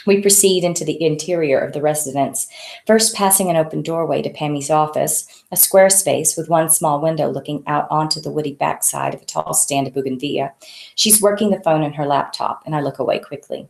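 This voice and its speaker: A woman author reads her novel aloud, conversational and unhurried. Her voice is low with a gravelly texture, and the recording is echoey. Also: darkish tone. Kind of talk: audiobook reading of her novel. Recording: echoey room.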